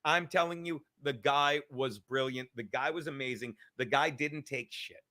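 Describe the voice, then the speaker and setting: A middle-aged man hosting his own show, ranting in a loud, profane, excitable comedic monologue. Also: medium pitch, normal speed. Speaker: podcast host.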